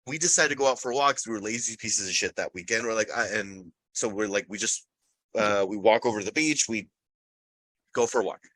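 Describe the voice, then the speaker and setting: A man rambles through a story on a casual podcast, cursing freely and breaking into laughs. His voice is bright and forward, recorded dry and close with almost no room sound. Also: lowish voice, brisk, dry recording, low-quality recording. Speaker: podcast co-host. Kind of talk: casual chat.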